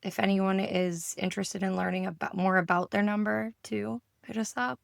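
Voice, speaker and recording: A woman co-hosting a podcast in casual chat, her voice hoarse, telling stories and acting out the dialogue. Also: mid-range voice, fairly even intonation, normal speed, no room sound, studio quality. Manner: storytelling, acts out quoted dialogue. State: hoarse from yelling. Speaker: podcast co-host and enneagram coach.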